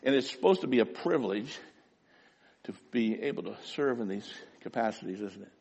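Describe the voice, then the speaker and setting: A man's voice: mid-range voice, fairly quick, gravelly, breathy edge. A man preaching a sermon as pastor, talking animatedly. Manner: animated preaching, rising to shouts. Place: church sanctuary. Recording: long echo of a church hall.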